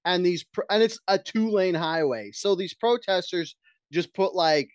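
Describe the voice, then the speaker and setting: A man co-hosting a casual podcast, ranting and swearing as he tells a story. His voice sits a bit high for a man and sounds slightly dull and lo-fi. The sound is dry and close. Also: measured pace, clean tone, no room sound. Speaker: podcast co-host. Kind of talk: casual chat.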